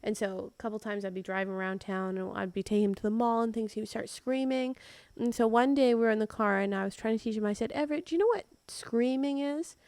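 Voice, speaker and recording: A woman co-hosting a podcast, chatting casually and telling animated stories, often laughing. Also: mid-range voice, fast, clean tone, no echo. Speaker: podcast co-host. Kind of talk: casual chat.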